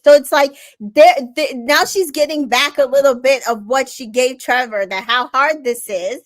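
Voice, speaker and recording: A woman's voice: high voice, moderate pace, hardly any pauses. A woman co-hosting a casual recap show, retelling episode events with sassy asides. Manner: chatty, recounts plot with sassy asides.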